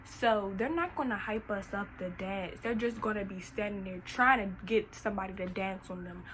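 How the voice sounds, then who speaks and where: A young woman from Washington, D.C., vlogging a story in an animated, slangy, casual way with frequent laughter. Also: medium pitch, normal speed, a little hiss or hum, poor audio. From Washington, D.C., USA. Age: young adult.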